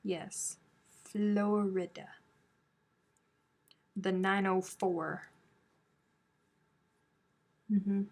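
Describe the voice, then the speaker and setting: A woman's voice: medium pitch, steady tone, a little slow. A woman hosting a crochet live stream from home, chatting casually and teasing her viewers. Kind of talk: casual chat reading viewer comments.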